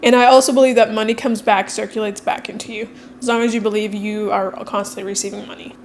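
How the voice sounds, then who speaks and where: A woman speaking candidly and quickly in a casual personal vlog, with frequent fillers. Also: mid-range voice, little pitch movement, slight background noise. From Mexican heritage. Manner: fast-talking, candid, many fillers. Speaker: coach and content creator.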